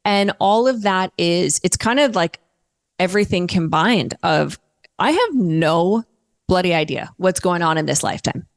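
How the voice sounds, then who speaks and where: A woman guest in a casual interview, talking candidly and telling stories in a lively way, with the odd swear word. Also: lowish voice, a little slow.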